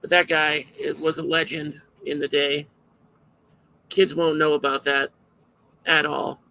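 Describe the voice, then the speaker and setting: A man's voice: fairly high pitch, little pitch movement, measured pace, creaky, bright, forceful tone, a little hiss or hum, low-quality recording. A man hosting a live podcast alone, chatting casually in a rambling, self-interrupting way. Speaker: podcast host.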